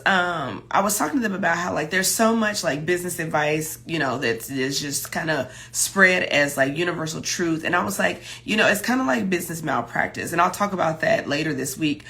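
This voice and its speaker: A woman's voice: lowish voice, expressive, moderate pace, pushed and bright. A woman coach hosting a casual live stream, chatty and greeting viewers by name between points, with many fillers and asides. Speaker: business coach for chefs, livestream host.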